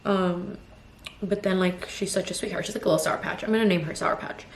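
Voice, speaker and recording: A woman's voice: fairly low pitch, fairly even intonation, brisk, slight background noise. A woman in her twenties, a vlogger and mother of two toddlers, venting in a frank, rambling casual chat packed with "like" and "you know". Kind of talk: casual get-ready-with-me vent. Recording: roomy echo with faint ambience.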